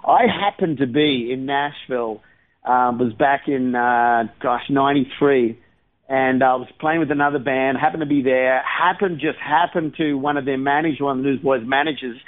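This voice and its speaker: A man's voice: medium pitch, fairly even intonation, normal speed. Australian man on a tinny phone line. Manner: rambling, laughs easily, loose and chatty. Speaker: band drummer, interview guest. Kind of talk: casual interview over the phone.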